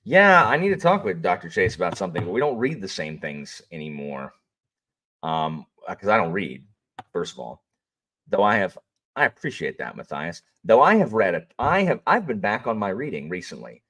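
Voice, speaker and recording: Deep-voiced male streamer, lively swings in pitch, rambling and chatty with viewers. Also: normal speed. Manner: rambling, chatty, greets viewers, frequent fillers and restarts. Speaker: audiobook narrator and livestream host. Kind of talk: casual livestream chat.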